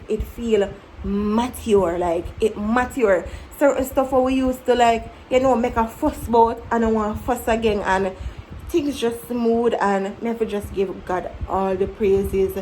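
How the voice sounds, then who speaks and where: A woman in her twenties speaks with a Jamaican accent in a fairly high voice. She talks to camera in a candid, reflective vlog style and tells her stories with animation. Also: slight background noise, rough recording. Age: 20s. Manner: candid, animated, breaks into mimicking her younger self. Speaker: vlogger. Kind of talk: casual reflective storytelling to camera.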